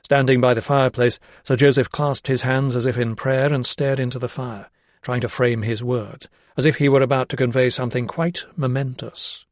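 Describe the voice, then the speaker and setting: Reading a novel aloud, a male audiobook narrator uses a measured, even storytelling voice pitched in an ordinary middle range. It's scripted narration, recorded dry and close with no room sound.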